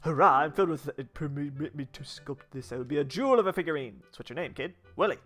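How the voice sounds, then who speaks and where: A fussy older sculptor who runs a figurine gallery in a video game, as a man puts him on, speaking in a put-on 1950s New York accent. He is grand and theatrical, and his voice sits fairly high. Faint music plays behind him. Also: quick pace, a bit bright, lightly acted.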